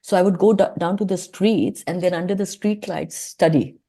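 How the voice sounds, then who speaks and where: A woman's voice: fairly low pitch, moderate pace, dark tone. A middle-aged woman, a podcast guest vividly telling a story from her childhood and acting out the dialogue. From India. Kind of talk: storytelling interview.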